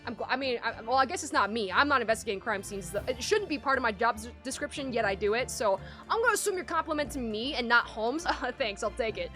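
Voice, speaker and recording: A young woman streaming a game, excitable and gushing, with frequent gasps. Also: on the high side, quick pace, few pauses. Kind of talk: casual live-stream commentary. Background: faint game music.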